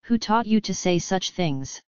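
A woman's voice: medium pitch, lively intonation, unhurried, darkish tone, clean tone, no room sound, dull audio, close to an everyday voice. A woman voicing a proud, commanding royal princess in stern, formal, old-fashioned speech.

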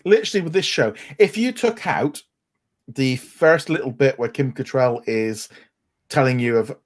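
A man's voice: medium pitch, animated, normal speed. A man from England co-hosting a podcast, talking casually in a rambling way with many restarts. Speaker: podcast co-host. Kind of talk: casual chat.

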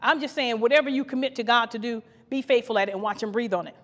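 A woman's voice: on the high side, quick pace, fairly bright tone. A woman co-pastor from Ohio preaching a fervent podcast sermon, repeating her phrases and laughing now and then. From Ohio, USA. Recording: long hall reverb.

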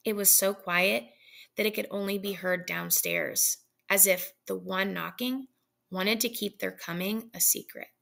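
A woman narrating a story aloud in a measured, suspenseful way. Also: mid-range voice, steady tone, creaky, a bit bright. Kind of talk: dramatic story reading.

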